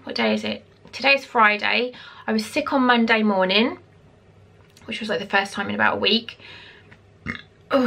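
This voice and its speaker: A woman's voice: mid-range voice, fairly even intonation, moderate pace, creaky, long pauses, bright, forceful tone. A woman chatting casually in a vlog, a little out of breath, rambling between reading aloud and her own comments. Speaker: vlogger giving a pregnancy update.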